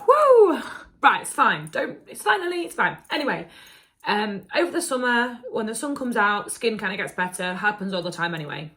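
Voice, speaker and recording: A young woman talks straight to her camera in a casual story-time vlog. Her voice is bright and clear, and her delivery is chatty, candid and openly emotional. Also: medium pitch. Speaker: beauty vlogger.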